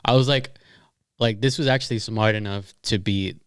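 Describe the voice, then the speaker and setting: A young man co-hosting a podcast, telling a story in animated casual chat, swearing and laughing as he goes. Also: lowish voice, normal speed, clean tone, dry recording, clean studio sound. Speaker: podcast co-host.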